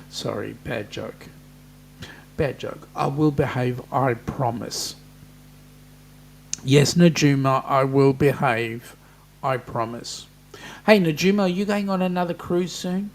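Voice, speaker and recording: A man's voice: a little high, slight background noise. An Australian man hosting a casual live chat, reading out viewer comments and joking with them.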